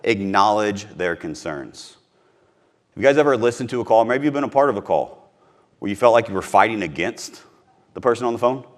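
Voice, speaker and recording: A man's voice: lowish voice, lively intonation, brisk. A man from Missouri giving a live sales training talk to a room, emphatic and repeating his key points.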